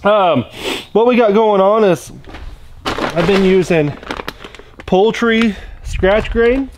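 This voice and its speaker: A middle-aged man with a fairly high voice speaks in a loose, folksy, rambling way. He films a casual outdoor vlog on a rural property, and faint ambient noise sits behind him. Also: slow. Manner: folksy and rambling, talks to his pet duck. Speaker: duck-hunting guide and vlogger.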